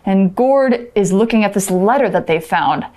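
A woman in her fifties teaching English in a lesson. She talks patiently and clearly, explaining each word with simple examples. Her voice sits at a middle pitch for a woman. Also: lively intonation, moderate pace, darkish tone.

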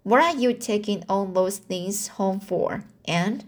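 A woman reading as a pleading young girl. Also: medium pitch. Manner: stumbling, halting reading. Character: pleading young girl, loyal best friend.

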